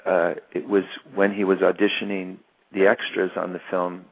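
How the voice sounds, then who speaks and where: Deep gravelly man on a phone line. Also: little pitch movement. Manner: halting, many restarts and repeated words. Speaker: actor being interviewed. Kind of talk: reflective interview storytelling.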